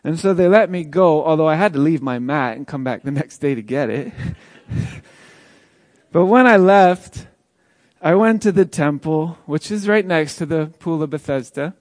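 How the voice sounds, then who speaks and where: Man playing a joyful formerly paralyzed man, first-person monologue, earnest storyteller, high voice, dry close sound. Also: lively intonation, moderate pace, darkish tone, no echo, lightly acted. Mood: reflective.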